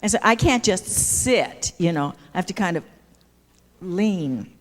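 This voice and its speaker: A woman's voice: fairly low pitch, expressive, measured pace. An older woman telling a comic anecdote on an auditorium stage, acting out the gestures as she goes and often asking "see?". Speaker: stage performer. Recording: echoey auditorium with long reverb.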